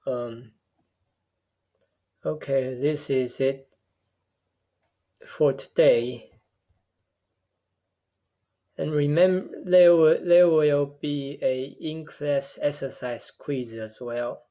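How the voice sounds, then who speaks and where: Slow, measured male lecturer. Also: fairly high pitch, mellow. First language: a tonal language. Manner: measured, repeats words while explaining. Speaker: linguistics lecturer. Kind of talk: recorded lecture.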